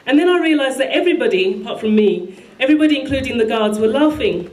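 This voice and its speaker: A woman's voice: high voice, animated, fast, a little mellow. Woman reading a tribute in a hall. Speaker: tribute speaker. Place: large hall at a live event. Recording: echoey hall with faint music.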